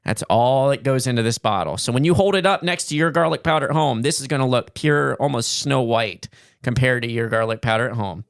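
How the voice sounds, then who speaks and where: A man's voice: medium pitch, a little fast, clear, resonant tone, no room sound, studio quality. A man co-hosting a podcast, chatting casually and riffing through a sponsor read with loose fillers. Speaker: podcast co-host.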